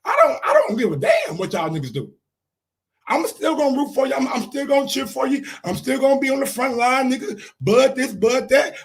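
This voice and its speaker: Male sports host, very high voice, heated, shouty, repeats lines for emphasis. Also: big pitch swings, a little fast, gravelly. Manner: heated, repetitive, frequently shouting. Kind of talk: animated sports commentary.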